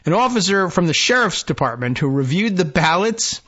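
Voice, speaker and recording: A man's voice: high voice, big pitch swings, normal speed, a bit bright, husky. A man hosting a political podcast, reading news aloud with dry, wry asides and trailing "I don't know"s. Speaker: podcast host. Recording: slightly dull lo-fi audio.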